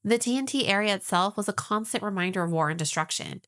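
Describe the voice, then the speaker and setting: A woman co-hosting a podcast, explaining ideas in a measured, informative way with light teasing. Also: mid-range voice, a bit bright. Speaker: podcast co-host.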